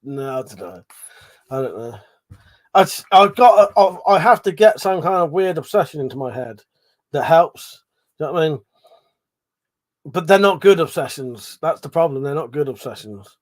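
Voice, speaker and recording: A man's voice: fairly high pitch, expressive, moderate pace, long pauses. A middle-aged man hosting a casual livestream, reading chat messages aloud, swearing freely, laughing and mumbling asides. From Britain.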